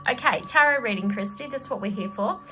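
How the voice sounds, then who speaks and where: A middle-aged woman who reads tarot and works as an energy healer gives a casual spoken reading, her voice a little high and fairly quick. She rambles and chats with plenty of fillers and laughter over a noisy background.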